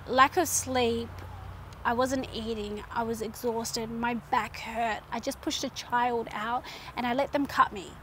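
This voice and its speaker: Young woman, casual vlog storytelling, lively and chatty, sharp bright tone, faint background hiss. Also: on the high side. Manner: animated retelling, acts out her own past lines; chatty with fillers like "like" and "um". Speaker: vlogger.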